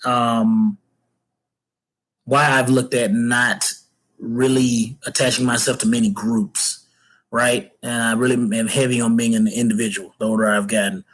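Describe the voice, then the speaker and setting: A middle-aged man hosting his own fatherhood channel, giving a casual solo rant full of pauses, fillers and restarts. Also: mid-range voice, level tone, fairly bright tone, poor audio. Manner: hesitant, many fillers and restarts.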